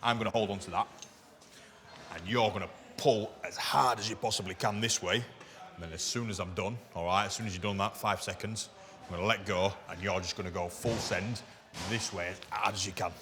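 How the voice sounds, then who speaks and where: A man's voice: on the low side, steady tone, a little fast, a bit bright, big-room sound. A man coaching in a gym with punchy, encouraging cues. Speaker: strength coach.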